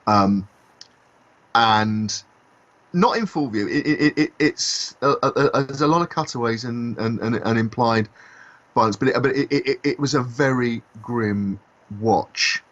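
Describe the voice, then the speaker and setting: A man co-hosting a podcast discussion, talking in a halting way with many fillers and restarts. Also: medium pitch, a bit bright. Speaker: podcast co-host. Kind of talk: casual discussion. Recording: dull lo-fi podcast audio.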